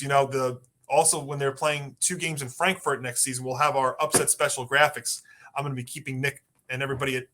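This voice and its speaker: A man's voice: medium pitch, sharp tone. A man co-hosting a sports podcast, chatty and rambling through his points. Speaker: podcast co-host. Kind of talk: casual sports talk.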